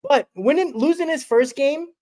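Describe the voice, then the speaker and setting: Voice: high voice, normal speed, a little mellow. A sports talk host chatting casually, often restarting and repeating phrases. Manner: rambling, repeats himself. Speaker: podcast host.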